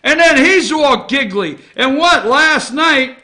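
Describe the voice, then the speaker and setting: Here a morning opinion show host goes on a political rant, alternating booming outrage with low mutters on the side. He is expressive and takes his time, pausing only rarely.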